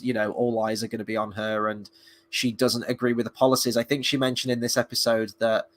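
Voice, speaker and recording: A man's voice: medium pitch, a bit bright. Enthusiastic man chatting through a review. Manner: enthusiastic, opinionated, thinking aloud. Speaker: film and TV reviewer. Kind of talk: casual live-stream review chat.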